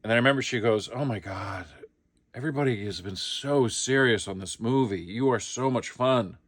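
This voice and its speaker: A man's voice: medium pitch, moderate pace, dry recording. A middle-aged man casually telling a comic behind-the-scenes story, acting out the quotes. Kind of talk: casual anecdote.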